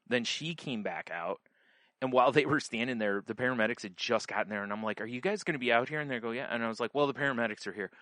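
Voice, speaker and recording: A man's voice: mid-range voice, a bit bright, dry recording. A man co-hosting a podcast, telling a story in casual chat, rambling with lots of fillers and restarts. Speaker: podcast co-host.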